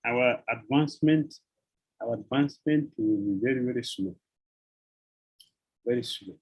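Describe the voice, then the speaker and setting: Swami guy, husky voice, lecturing, says things twice. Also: mid-range voice, low-quality recording. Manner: repeats phrases, chuckles, uses devotional terms. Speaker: swami giving a scripture lecture. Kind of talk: sermon.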